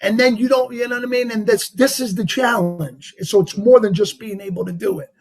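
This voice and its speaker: Guest, male, heavy New York accent, raised husky voice, animated and rambling, casual interview. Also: sits high, a little fast, faint music behind. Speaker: actor guest.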